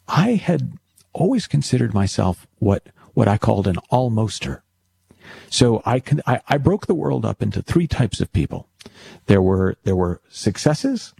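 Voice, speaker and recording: A man's voice: fairly low pitch, gravelly, slightly rough, no room sound. A man giving a storytelling talk about worry, acting out jokes with little voices. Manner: tells jokes with acted voices, animated. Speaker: speaker on worry and thinking.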